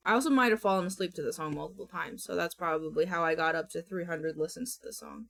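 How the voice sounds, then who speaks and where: A woman's voice: fairly low pitch, fast, creaky, few pauses. A woman streamer in a casual live-stream chat, bubbly and chatty, greeting viewers by name.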